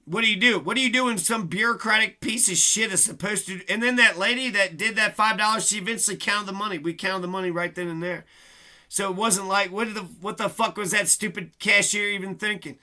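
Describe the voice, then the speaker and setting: Vlogger, male, high tense voice; rambling profane rant, aggrieved delivery. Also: fairly quick, sharp tone. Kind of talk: casual ranting monologue.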